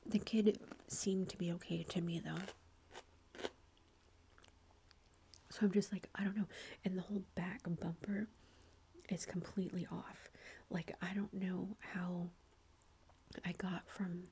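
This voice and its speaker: A woman's voice: lowish voice, flat delivery, measured pace, long pauses, a little hiss or hum. A woman whispering a long rambling story as an ASMR chat, with lots of fillers. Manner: breathy whispering throughout. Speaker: ASMR creator.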